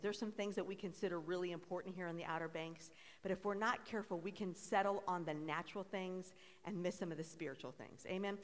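A woman's voice: mid-range voice, steady tone, a little fast. A woman pastor giving a sermon to a congregation, chatty when telling stories and fervent when she prays. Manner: chatty storytelling, then fervent prayer. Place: church sanctuary. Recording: long hall reverb.

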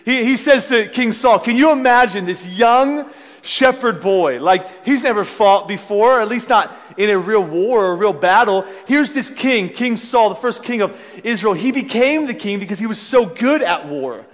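A young adult man from Philadelphia, preaching a sermon as a pastor and telling stories with animated voices. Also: sits high, moderate pace. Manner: storytelling, animated, acts out voices, self-deprecating laughs. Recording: long hall reverb.

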